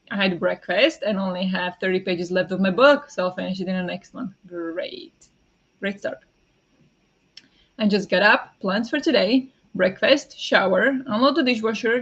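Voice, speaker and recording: A woman's voice: mid-range voice, a bit bright. A woman from Slovakia, chatting casually with live viewers during a reading stream, rambling with lots of fillers. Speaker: streamer hosting reading sprints. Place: home. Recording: dull lo-fi sound.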